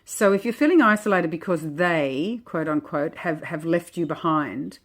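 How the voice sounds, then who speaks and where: A woman with a slightly low voice talks through cards one by one in a gentle, reflective way. She muses aloud, chatty and unhurried, as if sharing with a friend. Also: lively intonation. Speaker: oracle deck creator. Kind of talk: casual walk-through of oracle cards.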